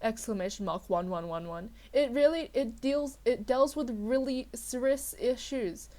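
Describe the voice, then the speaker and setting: A young woman with a slightly high voice and a sore throat gives a mock-dramatic comedic reading. She delivers the lines with exaggerated flair, then drops into exasperated, sarcastic asides. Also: unhurried, dark tone. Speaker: dramatic reader of a fanfic.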